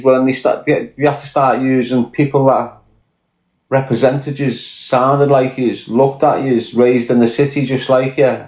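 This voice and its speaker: A man's voice: medium pitch, a little mellow. Profane Scouse man ranting, roomy sound. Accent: Liverpool Scouse. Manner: blunt, profane, emphatic. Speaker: podcast guest. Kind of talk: podcast rant. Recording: echoey room.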